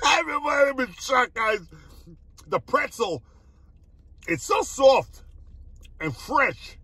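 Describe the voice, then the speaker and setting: Man, husky high voice, lively swooping delivery, excitable food reviewer, casual vlog. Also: slow pace, long pauses. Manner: excitable, repeats "my brothers", laughs often.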